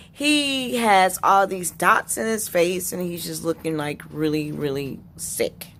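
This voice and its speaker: A woman vlogger telling a personal story in an indignant, unhurried way, with pauses and restarts. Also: fairly low pitch, fairly bright tone.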